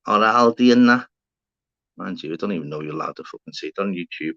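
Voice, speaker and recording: A man chats loosely to his livestream viewers, rambling and swearing as he greets them. His voice sits fairly low, and the stream audio is dull and lo-fi. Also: animated, quick pace, a bit bright. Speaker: livestream host. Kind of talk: casual livestream chat reading the chat.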